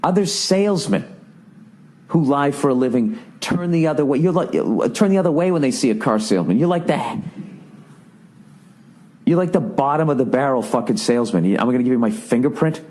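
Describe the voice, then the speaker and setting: A man's voice: a little high, animated, normal speed, long pauses, a little mellow. Profane, exasperated man ranting. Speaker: podcast host. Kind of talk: ranting comedic monologue.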